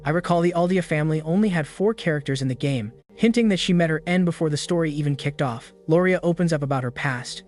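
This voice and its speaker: A man narrates a fantasy recap in first person, his voice sitting a little high for a man. The delivery is steady and scripted throughout. A faint music bed plays under him. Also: quick pace, hardly any pauses. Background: background music.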